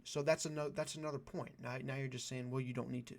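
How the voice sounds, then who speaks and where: A man's voice: medium pitch, fairly even intonation, fast, a little mellow. A young man ranting in a vlog, profane and exasperated, with a sarcastic edge. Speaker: vlogger. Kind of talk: ranting commentary.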